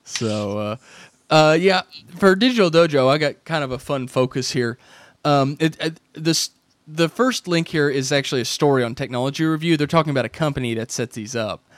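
A man's voice: on the high side, brisk, no echo. A man hosting a podcast in casual chat, telling rambling stories and acting out quoted dialogue. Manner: rambling storyteller, acts out quoted dialogue with restarts. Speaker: podcast host.

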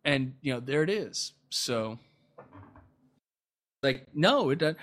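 A man's voice: medium pitch, animated, takes it slowly, long pauses, fairly bright tone. Sarcastic man riffing on news. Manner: sarcastic, stumbling restarts. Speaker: podcast host reading news. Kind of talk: casual news commentary.

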